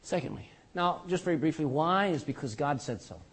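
Husky-voiced older preacher, lively delivery. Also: male voice, fairly high pitch, fairly quick. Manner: animated preaching with jokes and rhetorical questions. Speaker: pastor. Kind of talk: sermon.

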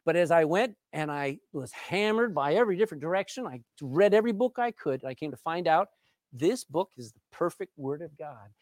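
Animated preacher, lively pitch. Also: male voice, dry recording, studio quality. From Texas. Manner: emphatic, with dramatic pauses and drawn-out words. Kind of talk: sermon.

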